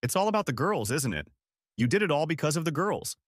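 A man's voice: on the high side, very animated, brisk, no room sound, studio quality, voice pushed up. A man doing a remorseful, tearful wife. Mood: bitter. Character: distraught wife, adult woman, remorseful and tearful.

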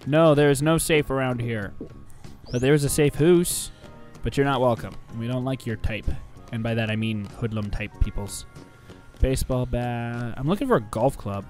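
A man's voice: mid-range voice, normal speed. A man giving casual, rambling, jokey let's play commentary, often talking back to the game. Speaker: gameplay commentator. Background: game music.

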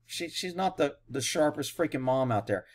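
A man's voice: on the high side, expressive, normal speed. A man, a horse trainer, giving blunt, sarcastic reaction commentary over a video.

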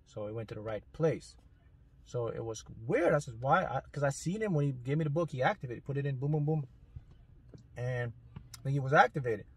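A man tells a long personal story in an easygoing, rambling monologue. His voice is husky and sits at a middle pitch. He keeps acting out snatches of dialogue and correcting himself mid-sentence. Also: expressive, a little fast. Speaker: manifestation mentor.

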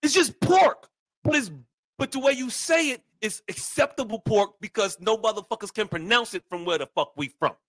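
An animated man rants on a podcast, swearing freely and breaking into mocking voices. His voice sits high for a man, and it comes through a close mic with a dry sound. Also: moderate pace, dry recording. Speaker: podcast co-host. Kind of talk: casual podcast chat.

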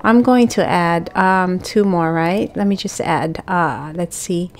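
Slow-talking woman narrating her gameplay. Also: fairly low pitch. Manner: chatty, talks to the game characters, bursts into excited exclamations. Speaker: gaming channel host. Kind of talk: casual gameplay commentary.

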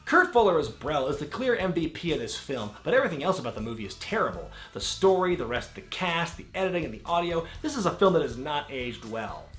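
A man giving a sarcastic, comedic movie review with sudden shouted outbursts. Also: on the high side, very animated, fast, few pauses, reverberant, faint music behind. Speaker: wrestling film reviewer.

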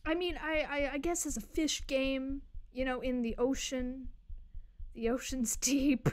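A woman's voice: sits high, level tone, unhurried. A young woman streaming a game live, chatting and swearing casually to her viewers as she plays. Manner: swearing, chatty, joking to chat.

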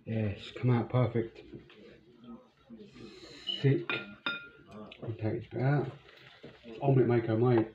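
A man's voice: mid-range voice, steady tone, slow pace, pauses often. A young man making a casual cooking vlog in his home kitchen, blunt and sweary. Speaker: vlogger. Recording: muffled, noisy home recording. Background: household chatter and noise.

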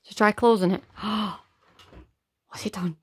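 A woman filming her dog at home on a phone, talking to it and about it in an excitable, chatty way. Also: medium pitch, measured pace. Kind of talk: casual home video commentary.

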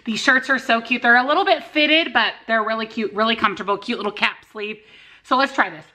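A chatty woman in her thirties talks straight to her camera in a relaxed home vlog. Her voice sits a little on the high side, and her manner stays upbeat and friendly throughout. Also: fairly quick. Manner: chatty and upbeat, talking to viewers. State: out of breath after a workout. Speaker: lifestyle vlogger. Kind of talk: casual vlog chat. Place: home garage and kitchen.

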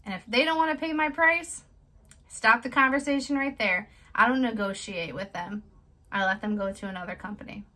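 A woman's voice: a little high, normal speed, sharp tone, low-quality recording. A woman, a small business owner, giving direct, chatty tips in a casual how-to vlog. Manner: direct, chatty, plain-spoken.

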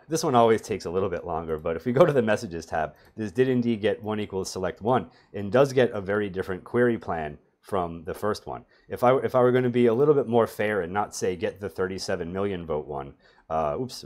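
A man's voice: on the low side, darkish tone. A middle-aged man teaching a database tutorial over a screen share, talking casually with sardonic, self-mocking humor. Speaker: database performance trainer.

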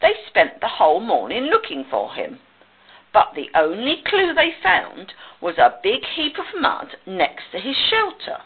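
A woman reading a children's picture book aloud with slow, expressive storytelling, on a tinny, phone-like recording. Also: a little high, breathy edge.

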